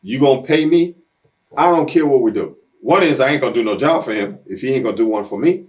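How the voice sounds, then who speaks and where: A blunt, streetwise man spins stories in a sit-down interview. His voice sits at an ordinary middle pitch. He jumps into other people's voices to act out what they said. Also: animated, fast talker, a little mellow. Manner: blunt, streetwise storyteller who acts out quoted voices. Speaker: interview guest. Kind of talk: shoot interview storytelling.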